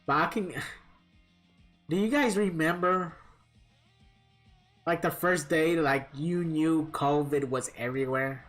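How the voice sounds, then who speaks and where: A man's voice: a little high, slow, long pauses, fairly bright tone, soft background music. A man live-streaming a fighting game, chatting casually with viewers in a rambling, profane storytelling manner.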